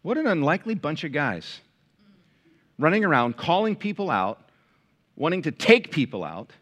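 A male pastor preaching a sermon to a large church, swinging from loud emphatic peaks to quiet, hushed lines. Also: a little high, big pitch swings, normal speed. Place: large church with balcony, live congregation.

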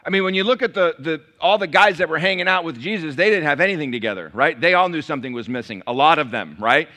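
Man preaching a sermon, bright tone, slightly high voice, hushed then emphatic, asks the audience questions. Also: expressive, quick pace. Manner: swings from hushed scripture reading and prayer to loud emphatic preaching. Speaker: pastor.

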